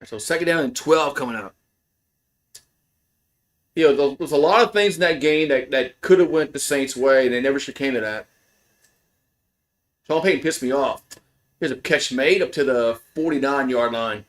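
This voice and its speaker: With a mid-range voice at normal speed and long pauses, a man hosts live fan play-by-play. He's excitable and profane, swinging from grumbled asides to shouted calls on big plays.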